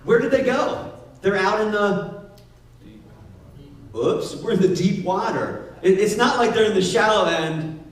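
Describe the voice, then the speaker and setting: A man's voice: high-pitched, measured pace, long pauses. Playful preacher man in an echoey hall. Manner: playful, lively, acts out voices. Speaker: pastor. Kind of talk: sermon. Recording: echoey hall, distant mic.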